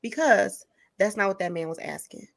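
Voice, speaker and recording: A woman's voice: mid-range voice, normal speed, gravelly. A woman hosting a podcast, telling stories in casual chat and laughing often as she talks. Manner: laughs often, animated storytelling. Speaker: podcast host.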